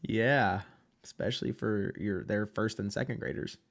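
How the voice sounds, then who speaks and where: A man who coaches youth wrestling, chatting casually on a podcast and recounting stories in a relaxed way. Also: fairly low pitch, a little fast, gravelly.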